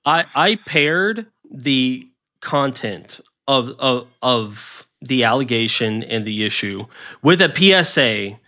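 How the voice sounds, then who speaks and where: A man with a bright, forceful voice calls into a livestream. He defends himself steadily and carefully while others press him. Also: mid-range voice, animated. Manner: measured, defensive. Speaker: caller.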